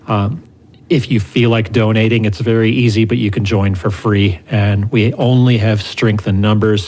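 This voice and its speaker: A middle-aged man co-hosting a podcast, telling stories in a relaxed, self-deprecating way. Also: on the low side. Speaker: podcast co-host. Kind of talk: casual conversation.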